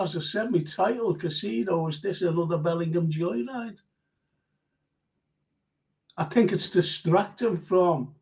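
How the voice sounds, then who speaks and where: Older male host, slow and high-voiced, chatty and emotional reading viewer comments; slightly muffled stream audio. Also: darkish tone. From England. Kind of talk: live fan-show chat reading comments.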